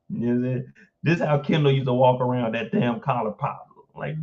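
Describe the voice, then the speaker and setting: A man's voice: mid-range voice, a little fast, a little mellow, muffled recording. A man from the Midwest hosting a casual live stream. He jokes, swears freely and often breaks into laughter. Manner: joking, profane, breaks into laughter.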